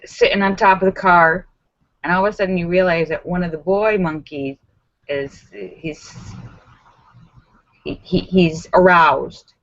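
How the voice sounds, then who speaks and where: Chatty woman host, slow and dry. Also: on the low side, no echo. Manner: chatty, animated storytelling with squealing voiced reactions. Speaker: live stream host. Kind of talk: casual live chat with viewers. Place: home in Los Angeles. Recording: dull lo-fi sound.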